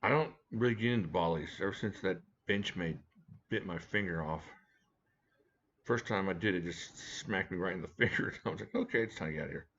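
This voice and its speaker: Chatty low-voiced man hosting a live stream. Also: fairly quick, fairly bright tone, dull audio, slight background noise. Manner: chatty, joking, talks to viewers by name. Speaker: live stream host reviewing knives. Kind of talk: casual live chat reading viewer comments. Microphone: desk mic at a home setup.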